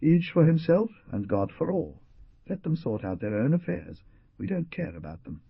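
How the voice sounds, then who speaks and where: A man's voice: a little high, very animated, normal speed, gravelly, slightly rough, no echo, narrow, tinny audio, voice pushed up, heavily acted. A man doing a hearty Canadian hunter. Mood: indifferent.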